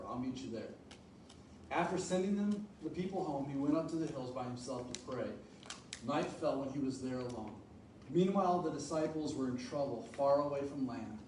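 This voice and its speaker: A man preaching a sermon who swings from soft, low talk to loud, pleading passages and acts out casual, playful asides. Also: slight background noise. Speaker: pastor. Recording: echoey room, mic at a distance.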